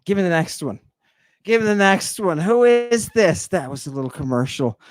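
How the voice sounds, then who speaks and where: A man giving an informal slide lecture in an emphatic, teasing way, pausing for rhetorical questions and asking "right?" again and again. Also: high-pitched, sing-song, no room sound, studio quality. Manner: teasing, addresses the audience directly.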